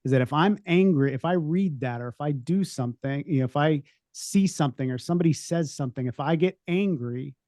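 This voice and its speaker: A man on a podcast panel who talks things through slowly, with many restarts and asides. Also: a little high, darkish tone, no echo, studio quality. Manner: reflective, rambling with restarts. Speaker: veterinary practice owner and podcast panelist. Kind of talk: casual panel discussion.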